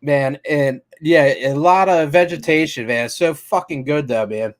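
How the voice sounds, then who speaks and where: A man's voice: a little high, normal speed. A man co-hosting a casual sports and beer talk show, laid-back and tacking "man" onto his sentences. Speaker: podcast co-host.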